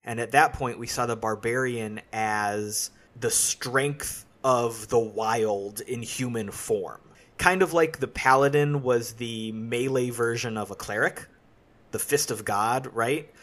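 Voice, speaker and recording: A man hosting a casual podcast discussion, explaining things in a steady, analytical way. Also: mid-range voice, slow. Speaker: podcast host.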